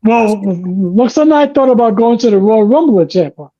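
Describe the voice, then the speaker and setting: A man with a high but mellow voice talks wrestling in a casual, blunt way, swearing freely and laughing easily. His audio comes through muffled and lo-fi. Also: lively intonation, normal speed. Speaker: podcast guest.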